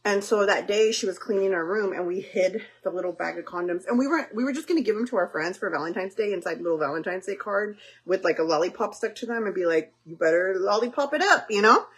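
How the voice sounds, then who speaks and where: A woman's voice: mid-range voice, fast, few pauses. A woman and mother chatting casually with her viewers while making dinner, talking directly to them with lots of fillers. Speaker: livestream host and mother. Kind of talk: casual chat while cooking.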